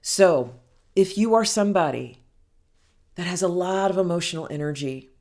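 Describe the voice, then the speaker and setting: A woman giving a heartfelt self-help talk as a healing coach, speaking gently and soothingly and calling the listener honey. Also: on the low side, lively intonation, normal speed. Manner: affectionate, calls listener honey and girl.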